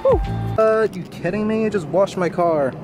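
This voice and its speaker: A man's voice: sits high, normal speed, over loud music. A young man chatting casually in a vlog, cooing playfully at his dogs. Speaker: vlogger.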